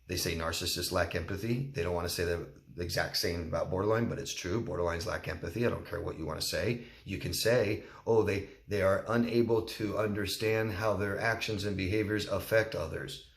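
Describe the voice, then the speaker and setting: A man's voice: deep voice, fairly even intonation, a little fast, few pauses, roomy sound. A man, a relationship coach, answering viewer questions in a candid, plain-spoken way and acting out quotes. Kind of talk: solo Q&A talk to camera.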